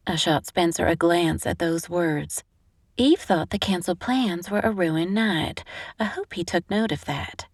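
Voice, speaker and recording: A woman's voice: lowish voice, a little slow, no room sound. A woman narrating a first-person romantic comedy audiobook on a close studio mic.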